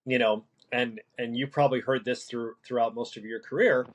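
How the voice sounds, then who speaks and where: A man who works as a paramedic, talking through a casual podcast conversation in a halting way, with many restarts and fillers. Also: medium pitch, steady tone, poor audio. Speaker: paramedic guest.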